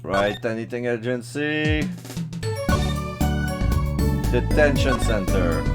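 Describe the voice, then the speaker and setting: A let's play host with a lively, up-and-down voice, chatting through the game at an easy, unhurried pace and reading dialogue aloud. Game music plays steadily behind. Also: medium pitch. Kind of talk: casual game commentary and reading.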